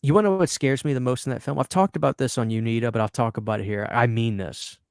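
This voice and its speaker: A man hosting a podcast and chatting casually, excitable and profane, stumbling over repeated words when he gets worked up. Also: medium pitch, fast, creaky, clear, resonant tone, dry recording. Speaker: podcast host. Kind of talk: casual chat.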